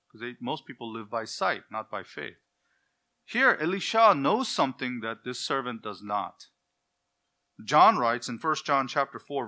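A man delivers an expository sermon in a bright, forceful tone at a medium pitch. He explains Hebrew words and lifts his voice when he quotes scripture. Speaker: preacher.

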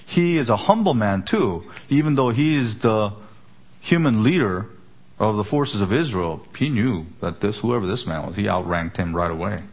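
A man preaching an expository sermon, emphatic, asking rhetorical questions and slowing down on key words. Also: lowish voice, animated. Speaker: pastor.

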